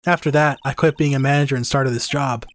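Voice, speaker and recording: Guy reading a calm polite young woman, measured, game voice. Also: medium pitch, natural voice. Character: composed young woman, exhibit manager, earnest and polite.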